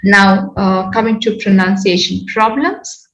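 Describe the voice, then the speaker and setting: A woman with an Indian English accent teaching a phonetics class, drilling words slowly and repeating each one for her students. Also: mid-range voice, reverberant, highs cut off. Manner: slow, deliberate, repeats words for pronunciation drills. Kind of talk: online phonetics lecture.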